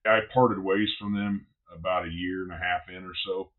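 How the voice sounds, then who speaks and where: A man with a fairly low voice tells stories on a podcast in a blunt, animated way, cursing freely. He is a barbecue pitmaster and the guest. The recording sounds a bit dull and lo-fi. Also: normal speed. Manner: animated, blunt, swears freely, relives moments in quotes. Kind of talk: casual podcast storytelling.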